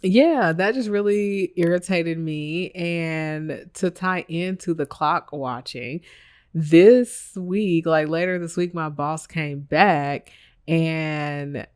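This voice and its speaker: A podcast host telling a work story in a casual monologue, animated and emphatic, laughing often and tossing blunt asides at listeners. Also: medium pitch, slow pace, smooth.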